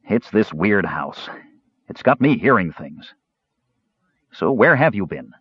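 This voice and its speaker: A man voicing a big, burly male warrior who speaks in a low, curt, gruff way in a dull, dry audiobook recording. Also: sing-song, slow, no room sound, heavily acted.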